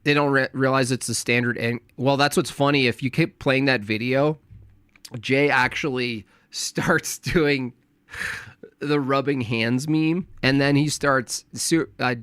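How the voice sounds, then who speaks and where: A man's voice: medium pitch, fairly even intonation, unhurried, a bit bright, clear, resonant tone, no echo, studio quality. A man streaming commentary on a video, mocking and laughing often in casual chat. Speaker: streamer reacting to a debate.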